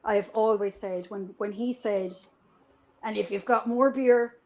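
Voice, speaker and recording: Animated woman telling a story. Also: mid-range voice, unhurried, slight background noise, rough recording. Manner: animated, swears freely, acts out quoted dialogue. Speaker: interview guest. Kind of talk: casual storytelling. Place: live stream conversation.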